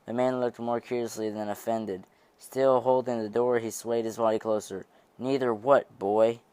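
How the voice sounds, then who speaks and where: A man's voice: mid-range voice, little pitch movement, normal speed, dark tone, smooth, no room sound. Stumbling man reading a novel aloud. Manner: frequent stumbles and restarts. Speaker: narrator. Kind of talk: amateur audiobook reading.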